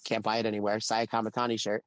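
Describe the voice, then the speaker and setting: A man co-hosting a podcast, chatting casually and telling stories with lively energy. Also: on the low side, quick pace, dry recording. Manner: animated storyteller. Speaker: podcast co-host.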